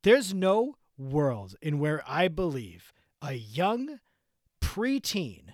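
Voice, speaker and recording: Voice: mid-range voice, very animated, very slow, a little mellow, dry recording, clean studio sound. A podcast co-host in casual chat, ranting incredulously and swearing freely.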